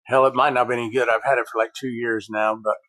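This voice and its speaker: A man's voice: medium pitch, level tone, quick pace, fairly bright tone, rough recording. A man co-hosting a livestream who chats casually and walks through steps in an easygoing way. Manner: easygoing, explains step by step. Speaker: livestream co-host.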